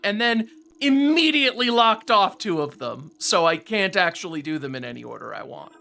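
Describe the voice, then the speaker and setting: Chatty bright-voiced man streaming a game. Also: very high-pitched, expressive, normal speed, creaky, slight background noise. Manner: chatty, sarcastic, exasperated complaining about the game. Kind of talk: casual gameplay livestream chat.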